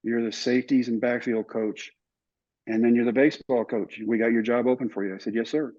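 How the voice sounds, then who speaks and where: Older man, husky voice, lively storyteller in an interview, slightly muffled recording. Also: medium pitch, fairly quick. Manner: animated storyteller, acts out other people's lines. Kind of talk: telling stories in a relaxed interview. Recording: somewhat dull, muffled recording.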